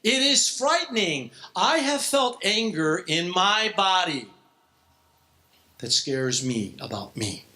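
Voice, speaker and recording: An older man acting as a youth speaker preaches a joking, theatrical sermon with exaggerated shifts in delivery. His voice is high, pushed, and bright, with big swings in pitch, and he takes his time.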